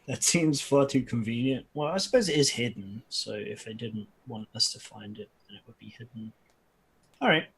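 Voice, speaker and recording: A man playing a tabletop game, thinking out loud with hesitant, restarting speech. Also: medium pitch, normal speed, vocal fry. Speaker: player. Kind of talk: casual in-character game talk.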